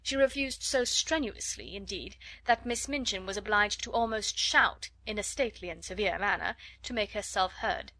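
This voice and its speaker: A woman reads a classic storybook aloud in a measured, expressive way. Her voice sits at an average pitch. The sound is close and dry. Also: no room sound. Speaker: narrator. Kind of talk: storybook narration.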